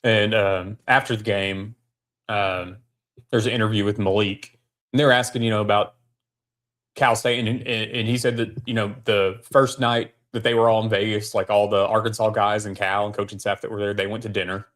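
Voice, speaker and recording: Male co-host, lowish voice; measured, unpolished recap. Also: level tone, a bit bright. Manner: measured recap, lots of ums and you-knows. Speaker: podcast co-host. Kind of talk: casual sports chat.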